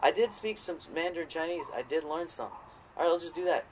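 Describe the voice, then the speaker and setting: Rambling, profane man, slightly high voice. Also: expressive, quick pace, a little hiss or hum, rough recording. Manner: rambling, profane, swings into loud quoted voices. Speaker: podcast co-host. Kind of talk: casual chat.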